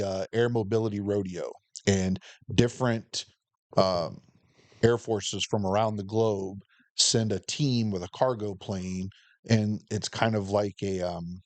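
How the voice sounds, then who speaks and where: A man with a lowish voice co-hosts a casual podcast and fills in background facts between slangy asides. His voice comes across dry and close, with no room sound around it. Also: a little mellow, no room sound. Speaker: podcast co-host. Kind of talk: casual chat.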